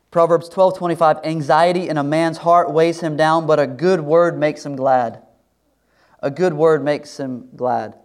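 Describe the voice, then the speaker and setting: A middle-aged man preaching a sermon to his congregation in a conversational way, sometimes dropping to a soft, confiding tone. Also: fairly high pitch. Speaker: pastor.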